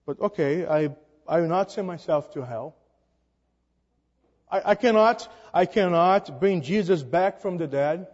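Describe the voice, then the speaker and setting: A man preaches with a high voice, emphatic and prone to halting fillers. His voice climbs on each rhetorical question. The recording is dull and sits in long hall reverb. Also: a little mellow. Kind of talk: sermon.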